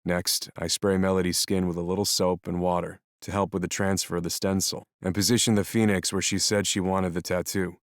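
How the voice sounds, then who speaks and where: Deep, dry-voiced male narrator, calm and measured audiobook reading. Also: dry recording. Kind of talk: first-person scripted narration.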